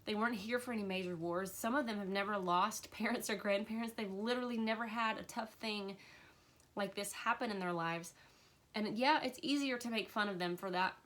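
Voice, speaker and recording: A woman with a cold hosting a casual spiritual livestream, earnest and emotional, with fillers and soft laughs. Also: medium pitch, brisk. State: has a cold, occasional cough. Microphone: livestream camera mic.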